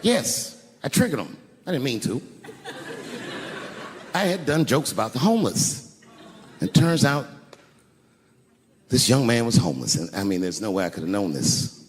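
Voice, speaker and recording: A man doing a stand-up routine on a theater stage with a handheld mic, swinging from high incredulous outbursts to low, hushed storytelling. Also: very animated, normal speed, pauses often. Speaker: stand-up comedian. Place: large theater stage with a live audience. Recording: live hall reverb, audience noise.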